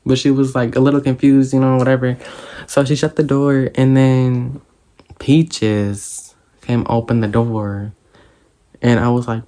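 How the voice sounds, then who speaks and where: A young man spills a storytime about school friendship drama straight to camera. His voice sits at an ordinary middle pitch. He tells it in a sassy, dramatic way, throwing in quick asides. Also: level tone, darkish tone. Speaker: vlogger. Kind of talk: casual storytime.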